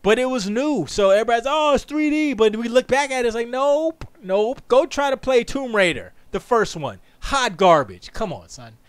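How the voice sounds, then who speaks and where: A man hosting a podcast, ranting in a casual, animated, slangy way. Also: high-pitched, moderate pace, no echo. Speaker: podcast host. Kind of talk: casual livestream rant.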